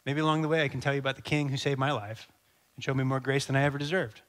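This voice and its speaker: A male pastor preaching a sermon, animated and conversational, acting out little scenes. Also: mid-range voice, rapid-fire. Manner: animated, acts out dialogue, conversational asides.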